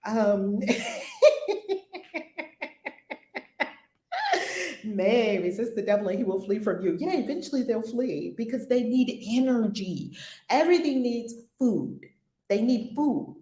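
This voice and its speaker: A woman's voice: on the high side, expressive, normal speed, mellow, roomy sound. A woman hosting a casual spiritual discussion, frank and slangy, often laughing. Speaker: spiritual teacher and host.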